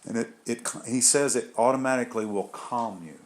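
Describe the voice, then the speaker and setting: Briskly and in a mid-range voice, a group leader offers an informal spiritual talk. It's a rambling, conversational delivery marked by frequent restarts and side remarks.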